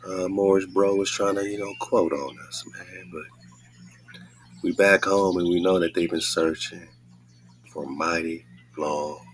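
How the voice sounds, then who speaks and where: A man's voice: sits low, fairly even intonation, normal speed. A man hosting a casual podcast, reading scripture aloud and commenting in a laid-back way with frequent laughs. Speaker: podcast host.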